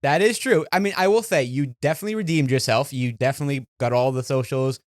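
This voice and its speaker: A man's voice: medium pitch, fast, no room sound, studio quality. A young man co-hosting a casual podcast, swearing and complaining in an exasperated way about his friend. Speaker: podcast co-host. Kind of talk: casual banter.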